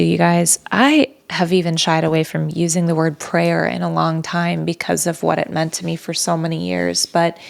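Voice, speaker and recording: A woman's voice: lowish voice, vocal fry. A woman hosting a podcast alone, talking in an earnest, reflective way that sometimes drops to a near-whisper. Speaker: podcast host. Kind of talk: reflective solo podcast talk.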